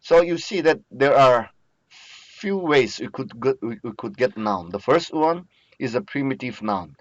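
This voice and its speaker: Man, teacher, very slow pace, patient and repetitive, dull lo-fi recording. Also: medium pitch, lively intonation, no room sound. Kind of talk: recorded lecture.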